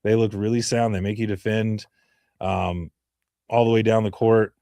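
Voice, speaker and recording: A man co-hosting a sports podcast, talking basketball in a relaxed way full of ums and fillers. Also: lowish voice, normal speed, no echo. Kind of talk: casual sports talk.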